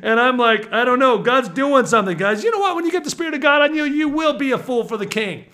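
A man preaching with excitable energy, swinging from low murmurs to shouted exhortations. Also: fast.

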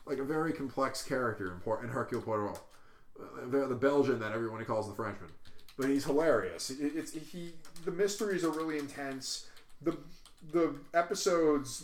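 A man co-hosting a podcast in casual chat, rambling and cursing, often restarting words. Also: mid-range voice. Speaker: podcast co-host. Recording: echoey room.

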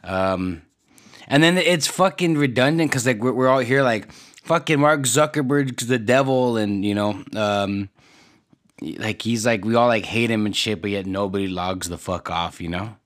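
A man's voice: on the low side, moderate pace, fairly bright tone. A man ranting casually on a podcast, swearing constantly and rambling with lots of filler words. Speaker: podcast host.

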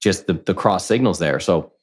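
A man in his thirties with a very deep voice tells a personal story as a podcast guest. He rambles casually and leans on "like" again and again. He slips into quick impressions of what other people said. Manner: candid, rambling, heavy use of "like", acts out quoted voices.

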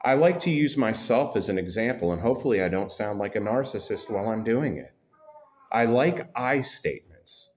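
Male pastor, lowish voice, chatty and self-mocking sermon delivery. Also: expressive, normal speed, slight background noise. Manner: self-deprecating, conversational, humorous. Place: church.

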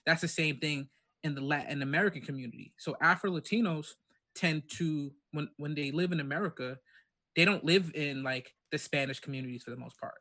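Man, bright forceful voice, earnest explaining, casual podcast. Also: fairly high pitch, brisk. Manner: earnest, explanatory, with frequent fillers.

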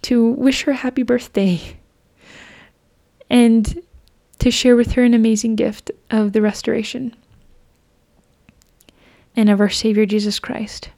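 A young woman with a somewhat high, mellow, soft-edged voice tells a personal faith story on her podcast. She is earnest and chatty and often restarts with a quick "like" or "and". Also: level tone. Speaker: podcast host.

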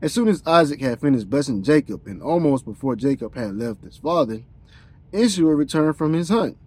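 A man's voice: on the high side, animated, normal speed, darkish tone, husky. A man hosting a podcast, reading scripture aloud in a plain voice, tripping over words now and then and breaking off with casual slangy comments.

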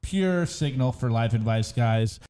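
A man co-hosting a show, running through memes in an excitable, slangy way and directing his co-host. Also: medium pitch, unhurried, clean tone. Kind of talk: casual show commentary.

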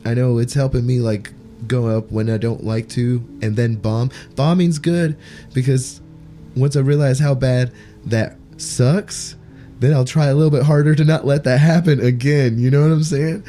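A man's voice: medium pitch, fairly even intonation, normal speed, dark tone, soft background music. A man hosting a casual podcast chat as a comedian, talking in a laid-back, rambling way full of "like" and "you know".

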